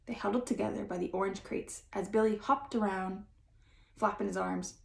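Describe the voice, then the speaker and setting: A woman reading a children's chapter book aloud in a lively, expressive storytelling manner. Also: medium pitch, normal speed, creaky. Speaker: audiobook reader. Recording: roomy echo.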